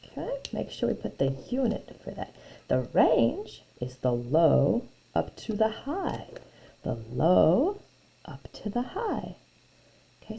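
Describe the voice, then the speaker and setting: Slow, gravelly-voiced woman teaching math. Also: mid-range voice, dark tone, rough recording. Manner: thinks aloud, repeats phrases, often drops to a near-whisper. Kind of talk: recorded video lesson, working through graphs.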